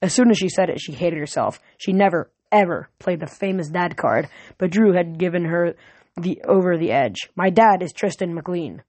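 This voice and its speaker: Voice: mid-range voice, moderate pace, darkish tone, no room sound. Amateur reader narrating a novel. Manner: amateur reading with frequent slips and restarts. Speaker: audiobook reader. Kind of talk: reading a novel aloud.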